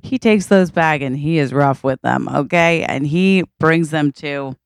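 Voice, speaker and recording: A woman's voice: deep voice, measured pace, vocal fry, clean tone, dry recording, studio quality. A woman co-hosting a podcast, reacting playfully and then taking over a made-up story. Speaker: podcast co-host. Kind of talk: casual chat.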